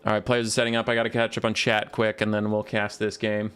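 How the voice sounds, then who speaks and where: A man's voice: fairly low pitch, completely flat delivery, fast talker, fairly bright tone, clear, resonant tone. A young man casting a strategy game on a live stream, talking in a loose, rambling, sarcastic way. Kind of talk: casual live stream commentary.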